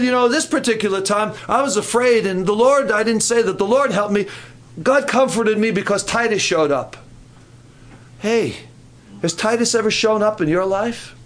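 An older man giving a sermon at a youth camp, animated and joking, with quoted asides. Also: high voice. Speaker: camp speaker.

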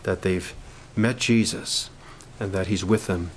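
Halting preacher man leading prayer. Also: deep voice, fairly even intonation, a little hiss or hum, poor audio. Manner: halting, with many restarts, rising fervor. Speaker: minister leading a prayer meeting. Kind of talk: informal sermon and prayer request talk. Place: camp meeting room.

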